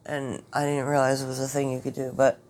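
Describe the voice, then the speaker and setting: Low-voiced woman with a Jersey accent. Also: completely flat delivery, a little mellow. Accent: New Jersey. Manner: quick to take offense, exasperated and bickering. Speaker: podcast co-host. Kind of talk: casual chat.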